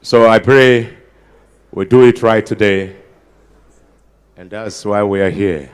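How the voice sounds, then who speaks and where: A man with a Nigerian accent doing stand-up comedy at a ceremony, bantering with the crowd and slipping into pidgin with sudden loud outbursts. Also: on the low side, slow, smooth. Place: large ceremony before an audience.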